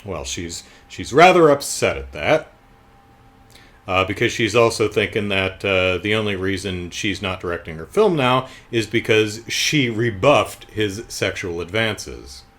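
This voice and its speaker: Animated, jokey man reviewing a show. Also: fairly low pitch, unhurried. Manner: jokey, sarcastic, animated retelling with asides. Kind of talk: casual review monologue.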